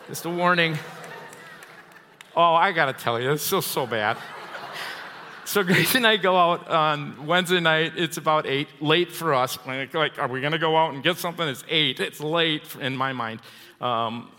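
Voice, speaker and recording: Bright-voiced preacher man in echoey hall. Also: a little high, moderate pace. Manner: storytelling, chuckling, animated. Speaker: pastor. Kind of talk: sermon. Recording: long hall reverb.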